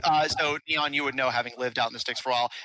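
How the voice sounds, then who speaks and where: Bright-voiced male game master. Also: mid-range voice, fairly even intonation, very fast, a little hiss or hum, rough recording. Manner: rambling, many fillers. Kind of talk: narrating a tabletop game.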